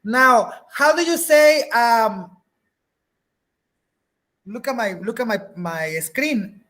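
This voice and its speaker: Slow, patient woman teaching English. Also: on the high side, expressive, fairly bright tone. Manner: patient, repeats and checks understanding, slips into Spanish. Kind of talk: teaching a beginner English class.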